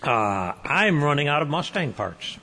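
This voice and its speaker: Lively, jokey male car radio host. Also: fairly high pitch, a little slow. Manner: lively, jokey, rambling with restarts. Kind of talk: casual car talk radio chat. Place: radio studio.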